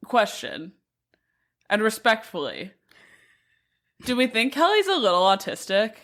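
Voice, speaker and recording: A woman's voice: mid-range voice, wildly swooping pitch, measured pace, a bit bright. A woman chatting casually as a podcast guest, playful and drawn out. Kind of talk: casual chat.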